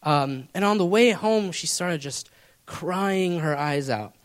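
A young male preacher tells a personal story to his audience in a loose, rambling way, full of fillers. His voice is high and very animated, leaping up and down in pitch. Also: takes it slowly. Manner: casual, rambling, heavy fillers. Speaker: pastor. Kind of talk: storytelling sermon.

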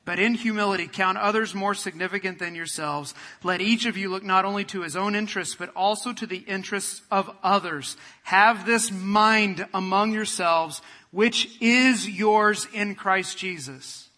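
A man preaching a sermon, building to loud passionate peaks and dropping to a soft, quiet prayer. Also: sits high, normal speed, hardly any pauses, big-room sound. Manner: preaching with rising fervor, then quiet prayer. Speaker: pastor.

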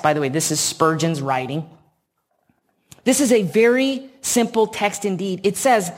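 A woman preaching a sermon, telling a story slowly and earnestly with emphatic repetition. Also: lowish voice.

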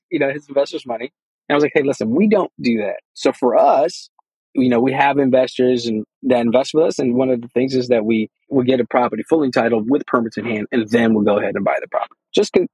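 A man with a slightly husky voice tells his story in a relaxed interview. He rambles a little and slips into quoted dialogue as he goes. The sound is dry and close. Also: medium pitch, no room sound, poor audio. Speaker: guest, real estate investor.

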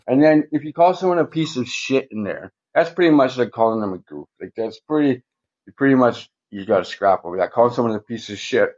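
On lo-fi audio, a man with a mid-range voice guests on a podcast and rambles through casual stories. He swears all the time and keeps capping his sentences with "right?".

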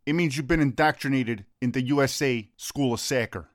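A man's voice: medium pitch, a little fast, no echo, clean studio sound. Blunt, teasing tough-talking man. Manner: blunt, teasing, swears freely, street-tough talk. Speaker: friend of the coach. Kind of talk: comedic sketch dialogue.

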